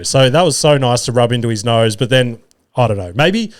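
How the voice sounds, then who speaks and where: An Australian man tells stories on his own podcast, swearing freely and poking fun at himself with lively energy. His voice sits at an ordinary middle pitch for a man. The sound is close and dry, with almost no room around it. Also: a little fast, no echo. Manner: profane, animated, self-mocking. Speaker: podcast host. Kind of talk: casual storytelling monologue. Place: single-car garage studio. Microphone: studio mic.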